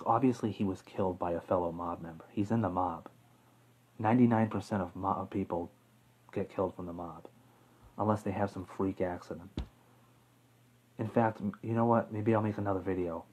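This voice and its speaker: Heard through a rough recording, this man's low voice is a little mellow and slightly rough. He hosts an offhand true-crime video on YouTube, talking to camera in a meandering way full of fillers, self-corrections and the odd laugh.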